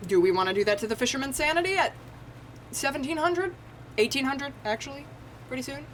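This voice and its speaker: With a high, lively voice and a slightly fast pace, a woman from the United States streams a game and banters with viewers. She mocks herself, swears without restraint and laughs a lot. A bit of hiss or hum runs under the recording.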